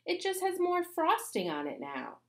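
A woman's voice: very high voice, wildly swooping pitch, normal speed, a bit bright, pitched above the performer's own voice, exaggerated voice. A woman voicing a cheeky, blunt schoolboy in a storybook reading. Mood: sassy. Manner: sassy, wisecracking.

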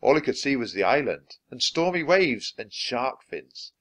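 A man reading a children's chapter book aloud in an expressive, animated way. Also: medium pitch, moderate pace. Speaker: audiobook reader.

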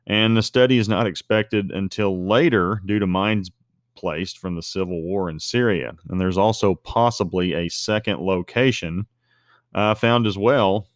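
A man with a very low voice walks through a scripture passage in an explanatory, unhurried teaching style. He often slows to lean on key terms. The recording is dry and close, with no room sound. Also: dry recording. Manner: explanatory, stretching key words slowly. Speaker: online commentator on faith and news.

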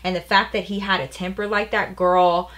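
A woman's voice: mid-range voice, level tone, normal speed, fairly bright tone. Young woman vlogging, casual storytime chat, says like a lot. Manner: chatty, fills speech with "like" and "you know". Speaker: beauty vlogger.

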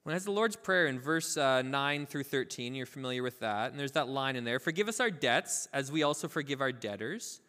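Man, pastor, preaching a sermon, lively storytelling, very expressive pitch, echoing hall. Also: brisk, hardly any pauses. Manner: animated storytelling, acting out the parable's voices; informal, filler-heavy asides. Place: church sanctuary.

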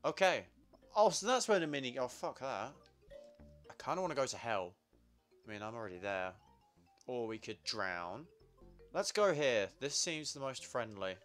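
A man's voice: fairly low pitch, a bit bright, clear, resonant tone. A young man giving crude, sarcastic, swear-heavy commentary while playing a party video game. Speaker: gamer. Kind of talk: let's play commentary.

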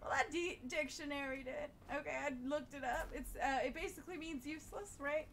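A woman's voice: high voice, brisk, slight background noise. A woman streaming a game, chatting casually and laughing often. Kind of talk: casual chat while playing.

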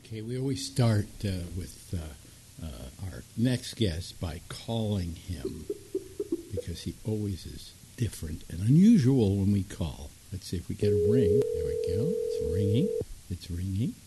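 Lively rambling male talk host. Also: low-pitched, measured pace, a little hiss or hum. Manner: rambling and conversational with many fillers. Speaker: radio talk show host. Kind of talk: casual chat.

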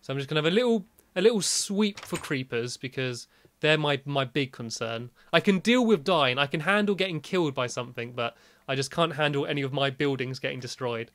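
A man's voice: fairly high pitch, animated, fairly quick, a bit bright. Chatty British young man narrating a game. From Britain. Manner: chatty, rambling, shrieks when scared. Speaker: gaming YouTuber. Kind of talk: casual gameplay commentary.

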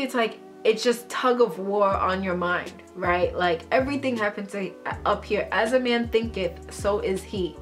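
A woman's voice: mid-range voice, fairly bright tone. A young woman vlogging to camera about faith, candid and slangy, calling her viewers y'all. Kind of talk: casual faith talk to camera. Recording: faint background music.

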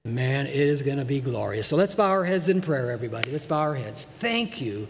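A man's voice: mid-range voice, sing-song, brisk, noisy background. An older man, a pastor from Texas, preaching a folksy, emphatic sermon in a church sanctuary and repeating phrases for stress. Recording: long church reverb.

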